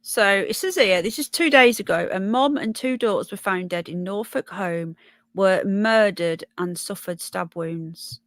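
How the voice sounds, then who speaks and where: A woman's voice: mid-range voice, measured pace, a bit bright, no room sound. A woman with a Brummie accent hosting a casual livestream, chatting and thinking aloud as she reads news and viewer comments. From Birmingham, England. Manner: chatty, thinks aloud, stumbles over names. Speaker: livestream host.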